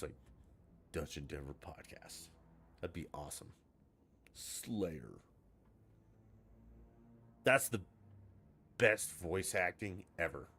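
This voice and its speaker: A man's voice: extremely low pitch, fairly bright tone. A man chatting casually on a live game stream, rambling and swearing freely after a few drinks. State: has been drinking.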